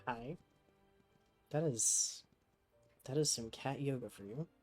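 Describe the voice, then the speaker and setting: Mellow-voiced streamer cooing to a cat. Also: mid-range voice, slow pace, soft background music. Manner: doting, chatty talk to a pet. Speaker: game streamer. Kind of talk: casual stream chat. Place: home desk. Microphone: desk microphone with webcam.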